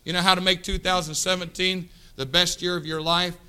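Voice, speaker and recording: Pastor, man in his 50s, American, fervent church sermon, very bright ringing tone, slightly high voice. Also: little pitch movement, brisk, clear, resonant tone. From United States. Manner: impassioned preaching, swells loud then drops to hushed. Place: church sanctuary.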